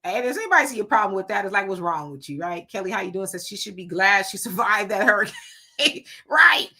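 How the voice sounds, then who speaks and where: A woman from Southern California hosting a casual live stream, reading viewer comments aloud with sassy, animated reactions. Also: medium pitch, quick pace, breathy edge.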